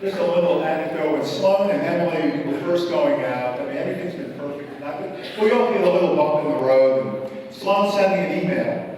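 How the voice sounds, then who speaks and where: A man's voice: fairly high pitch, fairly quick. Older man giving a father-of-the-bride toast. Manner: storytelling with dry jokes. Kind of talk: wedding speech. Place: wedding reception hall. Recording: echoey hall from a distance with crowd noise.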